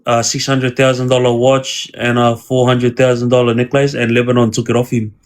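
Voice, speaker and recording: A man talking slowly and laid-back in a casual chat. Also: medium pitch, little pitch movement.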